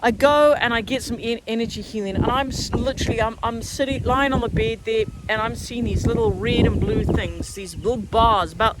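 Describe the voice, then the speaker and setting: A woman telling a personal spiritual story to camera outdoors, frank and animated, swearing freely. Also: on the high side, brisk, hardly any pauses. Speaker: spiritual channeller and podcaster. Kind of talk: casual storytelling vlog. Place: outdoors, standing on the ground. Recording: wind noise on the mic outdoors.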